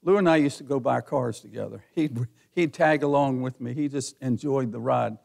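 A middle-aged man preaching a sermon as pastor, folksy and given to chuckles, rising to near-shouting as he presses his points. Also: medium pitch, moderate pace, creaky. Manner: folksy, laughs often, builds to near-shouting.

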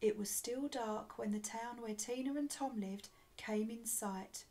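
A woman reading a children's storybook aloud, expressive and dropping to a soft hush on the speech tags, recorded on a computer webcam. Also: fairly high pitch, measured pace. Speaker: storybook reader.

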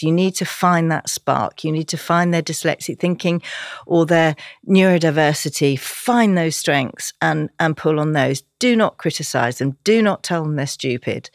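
A woman's voice: deep voice, no echo, clean studio sound. A woman speaking as a podcast guest, talking with passion and turning emotional at times. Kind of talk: podcast interview.

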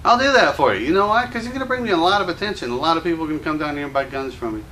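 Gun shop owner, male, high-pitched, combative and profane on-camera rant. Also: expressive, rapid-fire, sharp tone, a little hiss or hum. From Louisiana. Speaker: gun store owner and show host. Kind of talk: ranting commentary to camera.

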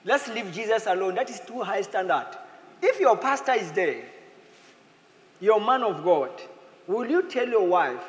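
A man preaching a sermon as pastor, in a lively manner, slipping into playful acted quotes. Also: high voice, measured pace, a little hiss or hum. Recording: echoey hall with faint ambience.

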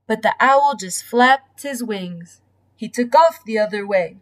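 A woman reading a bedtime story aloud in a gentle, storytelling manner. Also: on the high side, expressive, unhurried. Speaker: storybook reader.

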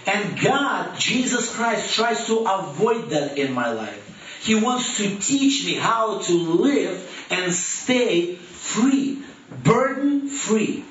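A man preaching a sermon as youth pastor, swinging between rising emphatic questions and soft, low drops. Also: big pitch swings, slow pace, slight background noise. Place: church hall. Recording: echoey, distant, dull church room recording.

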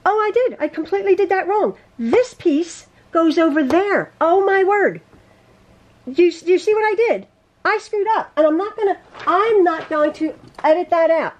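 Chatty high-voiced woman teaching quilting. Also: animated, moderate pace. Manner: chatty, self-correcting, laughs at her own mistakes. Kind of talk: casual sewing tutorial. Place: home sewing room.

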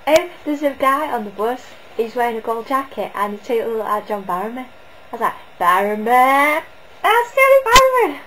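A woman's voice: fairly high pitch, brisk, background noise. A woman giving a casual, rambling spoken review, often hesitating and restarting.

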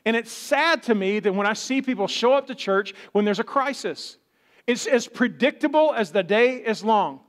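A man's voice: high-pitched, lively intonation, normal speed. A man preaching a sermon as pastor, in a conversational style, now and then acting out the voices of doubters. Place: church.

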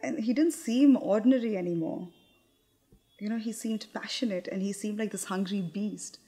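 A young actress performing a theatrical monologue in a candid, confiding, wry manner, with hesitant restarts. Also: female voice, medium pitch, normal speed, mellow.

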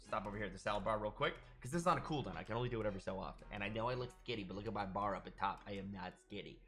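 A young man giving excited gameplay commentary as a streamer, with an animated delivery that jumps into high yelps and shouts. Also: racing, faint music behind. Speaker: gaming streamer.

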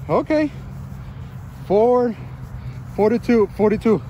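A man in his thirties with a high, bouncy voice that swings all over as he films on his phone while playing soccer outdoors. He laughs a lot, teases his kids and sounds out of breath, with faint outdoor noise behind him. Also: lively intonation, slow, dull audio. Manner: playful, laughing often, teasing the kids. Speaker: father filming his family. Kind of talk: casual family vlog commentary. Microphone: phone held while playing.

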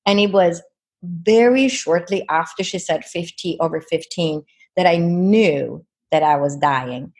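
A woman interview guest earnestly recounts a personal experience, dropping in many "you know"s. Her voice is on the low side and darkish, and she speaks at a measured pace.

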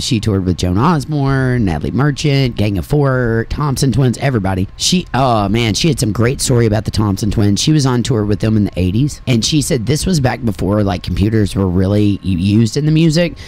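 A man's voice: lowish voice, expressive, fairly quick, hardly any pauses, a little mellow. A man from Kentucky with a slight country accent, hosting a radio interview in a blunt, chatty way and laughing often. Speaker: radio interview host and musician. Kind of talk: casual interview chat.

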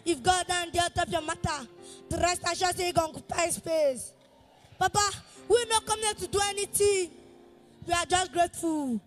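Faint music plays behind a Nigerian-accented worship leader with a very high voice as she leads chanted praise in church at a normal speed. Fervent and often shouting, she half-sings her lines and has the congregation repeat after her.

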